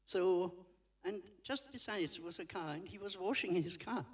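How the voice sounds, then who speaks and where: A woman's voice: on the low side, a little slow, slightly rough. A woman from the congregation sharing a personal testimony at a church service. She speaks in a chatty, storytelling way, laughs often and acts out the dialogue. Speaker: congregation member giving testimony.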